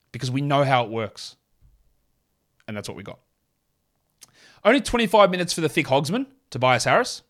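A man's voice: medium pitch, very animated, moderate pace, pauses often. Blunt sarcastic man hosting a podcast. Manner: blunt, sarcastic, swears casually. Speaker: fantasy basketball podcast host. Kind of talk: solo sports podcast with ad read.

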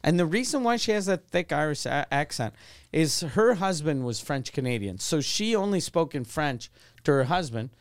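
A man's voice: a little high, expressive, normal speed. A man co-hosting a podcast in casual chat, telling rambling stories and swearing a lot. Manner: rambling storytelling, heavy swearing. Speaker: podcast co-host. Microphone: studio mic.

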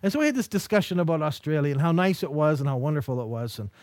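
A man's voice: fairly high pitch, expressive, rapid-fire, darkish tone, dry recording. A man giving a Christian mission lecture in a conversational, storytelling manner, with rhetorical questions. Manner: anecdotal, acts out quoted dialogue while storytelling. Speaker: lecturer teaching a mission course.

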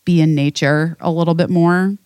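A woman in her thirties co-hosts a candid, casual chat with a slightly low voice. She rambles, gets emotional and swears freely, all heard close up in a dry, dead-sounding space. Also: steady tone, moderate pace, darkish tone, clear, resonant tone, no room sound. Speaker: podcast co-host.

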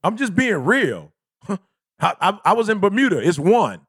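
A man with a fairly high voice hosts a casual podcast, preaching his point with heavy repetition. He sounds close and dry on the mic. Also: big pitch swings, measured pace, a bit bright, husky, no echo. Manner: emphatic, preachy, repeats himself, says "bruh". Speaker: podcast host and life coach.

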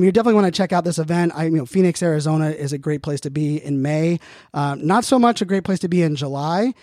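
High-voiced man hosting a podcast, rambling. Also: dark tone, no room sound, clean studio sound. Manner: rambling, many fillers and restarts. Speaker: podcast host. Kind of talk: casual podcast monologue. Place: Phoenix, Arizona area.

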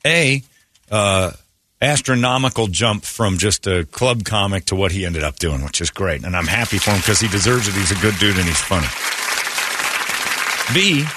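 A man's voice: on the low side, expressive, moderate pace, sharp tone, a faint crowd, a little hiss or hum. A man hosting a morning radio show, rambling through blunt, opinionated stories in casual chat from a studio mic.

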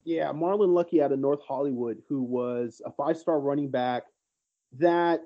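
A man's voice: a little high, normal speed, highs cut off. A man co-hosting a casual sports podcast, telling recruiting stories in a rambling, teasing way. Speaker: podcast co-host, recruiting analyst.

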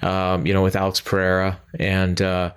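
A man's voice: deep voice, monotone, normal speed, clean tone. Canadian man co-hosting a sports podcast; easygoing, rambling delivery full of restarts. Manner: rambling, many fillers and restarts. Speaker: podcast co-host. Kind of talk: casual sports chat.

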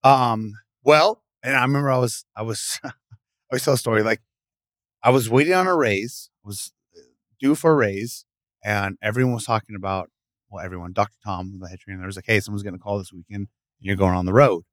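A man's voice: on the low side, fairly quick, dry recording. A middle-aged man, a guest in a podcast studio, telling stories in a casual interview and acting out the voices in them. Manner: animated, acts out voices in stories.

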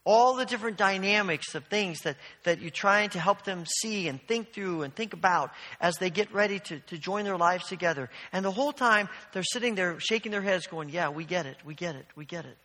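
A man's voice: high voice, normal speed, hardly any pauses, sharp tone, in a large hall. A man preaching a sermon as pastor, earnest and storytelling, often restarting his phrases.

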